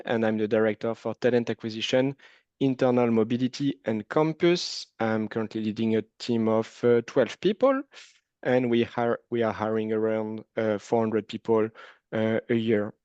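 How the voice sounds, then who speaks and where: A man's voice: medium pitch, normal speed, darkish tone, clear, resonant tone, dry recording, dull audio. A man with a French accent, a native French speaker, speaking politely on a webinar panel about recruiting, with hesitant fillers. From France. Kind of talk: panel discussion.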